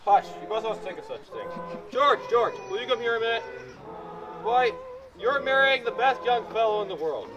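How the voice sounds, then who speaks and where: An actor playing a father calming his daughter before her wedding in a stage play, hushing and reassuring. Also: very high-pitched, normal speed, background noise. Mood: soothing. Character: soothing father of the bride. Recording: distant, muffled stage recording with music.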